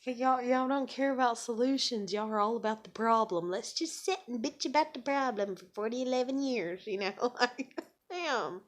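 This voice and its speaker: A woman's voice: fairly high pitch, moderate pace. A woman ranting profanely in a casual venting monologue.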